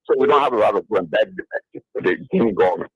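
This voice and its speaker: Insistent Liberian man with a husky voice. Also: lowish voice, lively intonation, fast talker, dry recording, dull audio. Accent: Liberian English. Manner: insistent, repeats his point. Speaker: caller. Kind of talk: call-in radio opinion.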